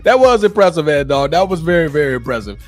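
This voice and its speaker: A man from the United States co-hosting a casual football podcast, excitable and quick to laugh. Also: fairly high pitch, faint music behind. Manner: excitable, laughs a lot, fan banter. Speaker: podcast co-host. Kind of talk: casual sports podcast chat.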